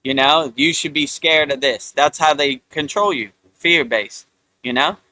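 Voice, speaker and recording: A man's voice: a little high, unhurried, sharp tone, no echo. A man hosting a live spiritual talk, rambling in a loose, repetitive way, often saying "you know" and mocking others with put-on voices. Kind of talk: casual live-stream monologue.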